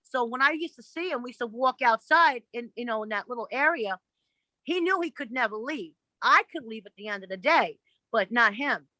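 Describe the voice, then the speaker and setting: A woman, guest on an interview podcast, telling stories in a blunt, profane and animated way, acting out other people's voices. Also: a little high, normal speed, no echo, rough recording. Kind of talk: casual interview storytelling.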